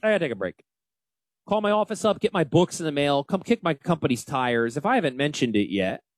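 Lively Northern US man hosting talk radio. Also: fairly high pitch, fairly quick, no room sound. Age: 40s. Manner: animated, emphatic, folksy and self-deprecating. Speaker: financial advisor radio host. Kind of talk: casual talk radio chat.

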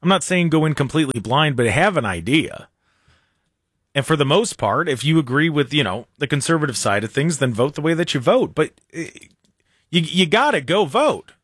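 A man's voice: fairly high pitch, moderate pace, breathy edge, no echo, clean studio sound. A man hosting a casual political talk radio show, chatting animatedly and often restarting his sentences. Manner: animated, talks in restarts and repeats.

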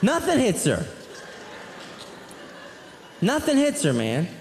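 A man doing a stand-up routine, rambling and animated through his stories with frequent asides. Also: very high voice, slow, a little hiss or hum. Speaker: stand-up comedian. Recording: echoey live hall, faint crowd.

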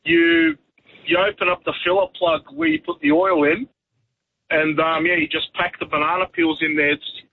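Matey caller on a phone line. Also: male voice, on the high side, lively intonation, normal speed, a little hiss or hum. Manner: matey, easygoing.

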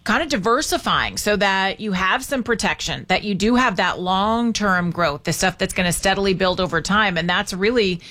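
A woman hosts a morning talk radio show in an upbeat, chatty way. Her voice is bright and forward, and she keeps the talk rolling with easy fillers. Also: mid-range voice, normal speed, hardly any pauses. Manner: upbeat, chatty, laughs easily.

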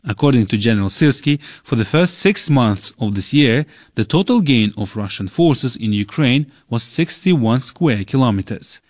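A male correspondent reading a steady, matter-of-fact news report. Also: mid-range voice, dry recording, studio quality.

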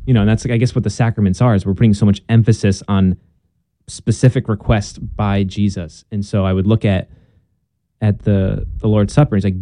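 A young man speaks as a guest in an unhurried conversation, earnest and a little halting as he restarts his sentences. His voice is very dark and mellow, sitting on the low side. The sound is dry and close. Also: fairly even intonation, dry recording. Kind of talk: casual conversation.

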